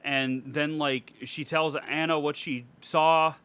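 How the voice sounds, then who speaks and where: A man's voice: a little high, steady tone, slow pace, fairly bright tone, smooth. A young man co-hosting a casual podcast film review, ranting animatedly with plenty of profanity and laughter. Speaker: podcast co-host.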